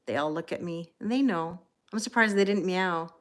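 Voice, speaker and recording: Lady on a live stream chatting w/ viewers, kinda low voice, thanks everyone by name. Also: moderate pace, few pauses. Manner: chatty, reads out viewer names and thanks them; talks to her cats between comments. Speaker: tarot reader hosting a livestream. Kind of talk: casual chat with live viewers.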